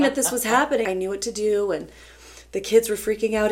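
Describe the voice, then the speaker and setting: A woman who is a teacher, co-hosting a podcast and telling a classroom story in a casual, animated way. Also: moderate pace. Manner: animated storyteller, quotes students in soft low tones.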